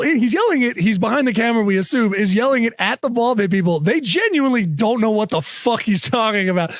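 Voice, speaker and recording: A man's voice: sits high, lively intonation, fast, hardly any pauses, no room sound, clean studio sound. A man co-hosting a podcast, chatting loosely and rambling, with plenty of swearing. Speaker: podcast co-host. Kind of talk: casual chat.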